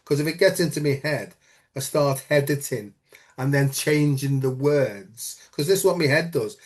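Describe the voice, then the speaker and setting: A man's voice: medium pitch, normal speed. A man hosting a casual chat show, talking earnestly and rambling with lots of "you know". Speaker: host.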